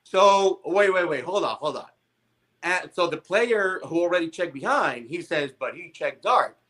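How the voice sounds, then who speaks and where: A man with a higher-pitched voice recounts a story with animated energy. He quotes each person in turn as he goes. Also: moderate pace. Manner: animated, quotes dealers and players. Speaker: poker podcast panelist. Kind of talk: casual storytelling.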